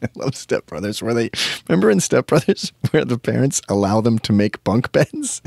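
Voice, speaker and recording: A man's voice: medium pitch, sing-song, moderate pace, gravelly, darkish tone, no room sound, clean studio sound. A man hosting a podcast, telling a rambling, profane comic story full of tangents. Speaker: podcast host. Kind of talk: casual comedic storytelling.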